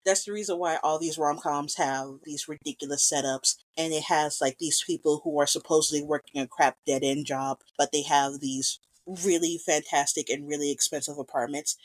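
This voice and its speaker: Enthusiastic, lower-voiced woman gushing about a film. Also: fairly even intonation. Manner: enthusiastic, rambling, quick to gush. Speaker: podcast host. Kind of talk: casual film commentary.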